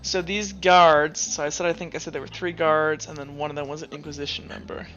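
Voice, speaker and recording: Bright-voiced male game master. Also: fairly high pitch, fairly quick, dull audio, a little hiss or hum. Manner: animated, narrates with fillers. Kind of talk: narrating a tabletop game.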